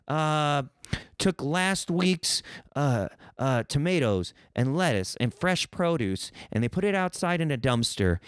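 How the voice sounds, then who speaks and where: A man from Missouri, United States hosts a solo podcast, rambling and joking with a profane, self-mocking streak. His voice is fairly high pitched and smooth. The recording is dry and studio quality.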